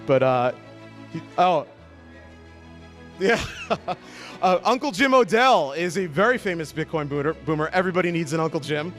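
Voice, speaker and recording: A man's voice: a little high, lively intonation, normal speed, pauses often, a bit bright. A man hosting a comedic awards segment on a conference stage, joking, stammering, reading out quotes. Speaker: awards host. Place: conference stage with music playing. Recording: music in the background.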